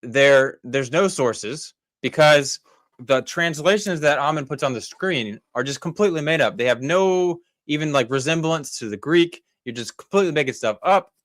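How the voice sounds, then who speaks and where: A man's voice: fairly high pitch, expressive, moderate pace, fairly bright tone, no echo. Guy rambling thru commentary, lots of ums, fed up, dry close sound. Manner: rambling, with many fillers and restarts; critical, exasperated. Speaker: commentary host. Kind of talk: casual commentary over clips.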